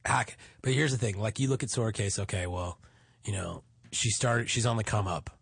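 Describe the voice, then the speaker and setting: A man with a lowish, slightly husky voice trades crude, blunt banter as a podcast co-host. He swears easily and gets animated. The sound is dry and close. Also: moderate pace, no room sound.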